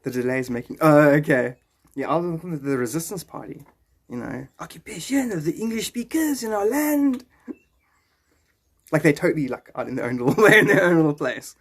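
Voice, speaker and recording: A gravelly, medium-pitched man talks quickly on a live stream. He rambles and jokes with viewers in a casual chat, chuckling frequently.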